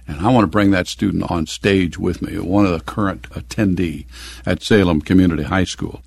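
A man's voice: sits low, vocal fry, a little mellow, breathy edge, dry recording. An older man from the American Midwest telling stories from his youth in an oral history interview, chuckling now and then.

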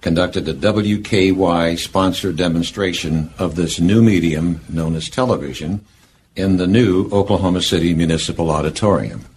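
Deep-voiced male interviewer reading dates. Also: darkish tone, slight background noise. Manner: measured, reads historical facts and dates. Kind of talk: oral history interview.

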